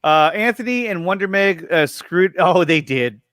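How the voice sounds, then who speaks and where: Young male streamer-host, high-pitched and dry-miked, chatty, reads the chat aloud. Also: lively intonation, a bit bright, no echo. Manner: reads viewer messages aloud and thanks them, upbeat and chatty; quick laughs and frequent restarts. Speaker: host of a review and reaction show. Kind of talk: casual livestream chat.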